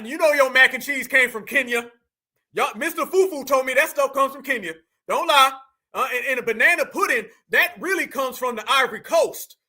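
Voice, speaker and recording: Guy hosting a live stream, super high bright voice, loud joking with chat, chewing food as he talks. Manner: loud, bantering, eats while talking. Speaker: livestream host. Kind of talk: casual livestream chat.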